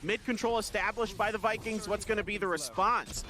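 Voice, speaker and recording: A man casting a competitive shooter match, giving energetic play-by-play and praising the plays. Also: sits high, fairly quick. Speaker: esports caster. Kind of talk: play-by-play commentary.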